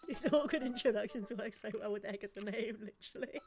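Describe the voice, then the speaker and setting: A woman's voice: medium pitch, fast talker, crowd noise. A young woman streaming a dating game, reading it aloud playfully with giggly commentary. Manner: playful, giggly, voices the characters. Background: background music.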